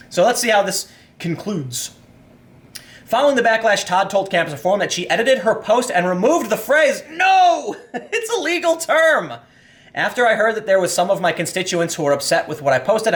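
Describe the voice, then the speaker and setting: A young man hosting an opinionated commentary monologue, animated and acting out the people in his stories, then reading news quotes aloud. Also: sits high. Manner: reads news quotes aloud between rants. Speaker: commentary host.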